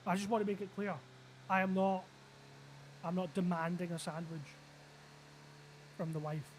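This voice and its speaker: A man's voice: high voice, little pitch movement, a little hiss or hum. Man rambling to his stream chat. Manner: rambling, thinks aloud, quick asides. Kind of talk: casual live-stream chat.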